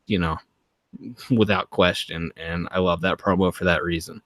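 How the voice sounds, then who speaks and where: Guy cohosting a chatty podcast, lowish voice, laughs a lot, dead dry sound. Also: fairly even intonation, moderate pace, fairly bright tone, dry recording. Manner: enthusiastic, laughs often, restarts phrases. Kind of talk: casual chat.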